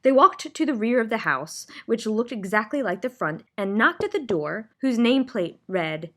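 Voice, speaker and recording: A woman at a library reading a children's book aloud in an expressive way. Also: on the high side, moderate pace, slight background noise. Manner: expressive, animated read-aloud. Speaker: library storyteller.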